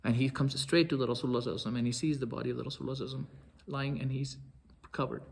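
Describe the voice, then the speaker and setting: A man telling a story in a lecture, animated, acting out quoted speech with sudden loud outbursts. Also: medium pitch, racing, creaky, breathy edge. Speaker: Islamic lecturer.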